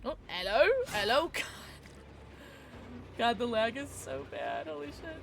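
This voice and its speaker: A woman streaming a game and chatting casually with her viewers, excitable and quick to thank them. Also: on the high side, vocal fry, noisy background. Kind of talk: casual livestream chat while gaming.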